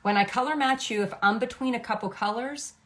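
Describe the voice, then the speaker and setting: In this makeup tutorial, a middle-aged woman who does makeup professionally explains each step in a friendly, teaching tone and frequently checks in with "okay?" Her voice sits on the high side and sounds fairly bright, and her pace is a little fast.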